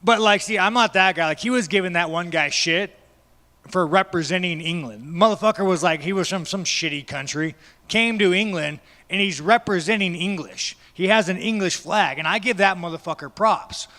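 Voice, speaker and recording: A man's voice: high-pitched, moderate pace, pushed and bright. A man, a fighter at a media day, giving blunt, profane, rambling answers to reporters. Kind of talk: press scrum answers. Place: large media day room. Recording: echoey hall.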